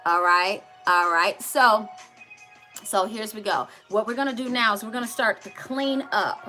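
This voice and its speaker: A woman's voice: mid-range voice, moderate pace, bright, forceful tone, soft background music. A woman hosting a live makeup tutorial, chatting to her viewers directly with playful asides.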